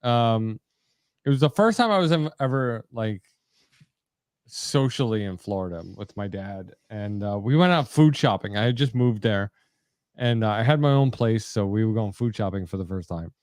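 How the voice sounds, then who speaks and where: A man's voice: on the low side, normal speed, no room sound, studio quality. A man in his thirties co-hosting a live show, chatting loosely with many fillers. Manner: lively, chatty storyteller with filler words. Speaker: podcast co-host. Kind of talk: casual chat.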